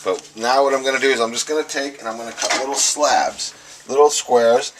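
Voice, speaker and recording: A man's voice: mid-range voice, fairly even intonation, fairly quick. A man chatting casually to viewers as he demonstrates a home recipe, talking as he works. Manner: chatty, talks to viewers as "guys" while working, with frequent restarts. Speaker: home cooking host. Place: home kitchen. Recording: noisy kitchen clatter. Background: clattering dishes, cutlery and stirring.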